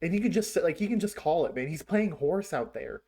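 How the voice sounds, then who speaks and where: A man's voice: a little high, expressive, a little fast, dark tone. A man hosting a reaction video, talking in a loose, slangy, chatty way. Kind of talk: casual reaction commentary.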